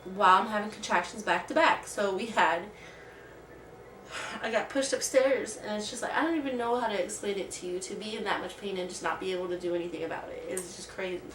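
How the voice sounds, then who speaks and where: A woman's voice: medium pitch, brisk, noisy background. A woman vlogger telling a personal story in casual, rambling talk full of "like". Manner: rambling, heavy use of "like". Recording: roomy sound from a distant mic.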